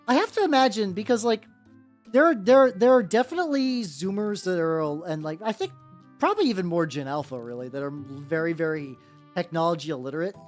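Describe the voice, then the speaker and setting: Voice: medium pitch, animated, fairly quick. A miniature painting streamer chatting casually on a live stream, rambling with many fillers and self-restarts. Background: faint background music.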